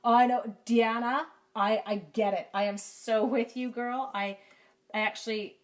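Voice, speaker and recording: A woman's voice: a little high, steady tone, a little slow. A middle-aged Canadian woman leading a live card-making lesson from her home craft room, chatty and self-deprecating, talking to viewers by name. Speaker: stamping craft demonstrator. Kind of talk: live-stream craft tutorial with chat. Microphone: camera mic.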